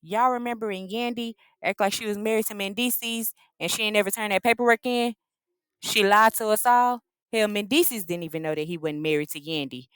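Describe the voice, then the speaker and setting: A woman's voice: mid-range voice, a little fast, few pauses, fairly bright tone, clean tone, no room sound. A woman hosting a casual reality TV recap, gossipy and slangy, acting out what the cast said. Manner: gossipy, slangy, acts out the cast's lines.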